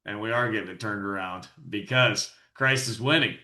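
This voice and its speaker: A man's voice: on the low side, normal speed, bright, forceful tone, echoey room. A man hosting his own commentary show, reacting to video clips with exasperated, sarcastic and preachy remarks. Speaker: host and commentator.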